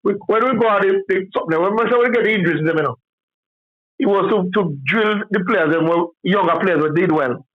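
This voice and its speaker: A man's voice: high voice, brisk. A man with a Jamaican accent calling in to a sports show, rambling in heavy patois. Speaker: caller. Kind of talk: casual phone-in chat. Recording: tinny phone line.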